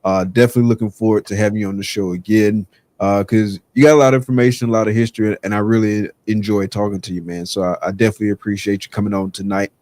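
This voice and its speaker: Chill podcast host guy, kinda low voice, dry close sound, says man a lot. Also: level tone, fast, a little mellow, no echo. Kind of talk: casual podcast chat.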